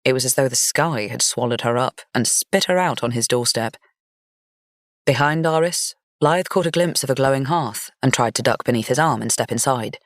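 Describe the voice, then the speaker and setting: A woman narrating a gothic fantasy romance audiobook in an even, measured storytelling manner. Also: very deep voice, no room sound, clean studio sound.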